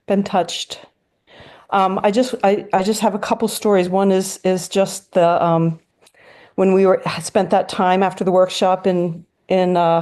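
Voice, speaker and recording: Slow, mellow woman giving a tribute. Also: medium pitch. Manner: halting, warm storytelling with restarts. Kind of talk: memorial remembrance. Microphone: video call. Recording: video call audio.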